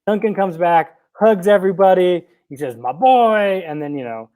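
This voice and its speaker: Animated young man retelling movie scenes. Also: high-pitched, moderate pace. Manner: animated, retells scenes with quoted voices, laughs often. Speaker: podcast co-host. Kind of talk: casual film discussion.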